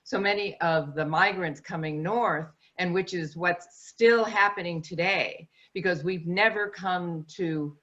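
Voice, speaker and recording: A woman adding her own reflections at a talk, in a measured, thoughtful way. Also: on the low side, fairly bright tone. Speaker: co-speaker. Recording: dull lo-fi recording.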